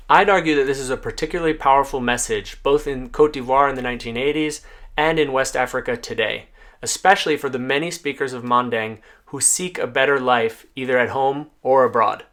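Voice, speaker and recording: A man of average pitch teaching a language lesson as he walks through song lyrics line by line. He speaks clearly and patiently and keeps checking in with a quick "right?". The delivery sounds like a friendly online tutorial. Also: fairly bright tone.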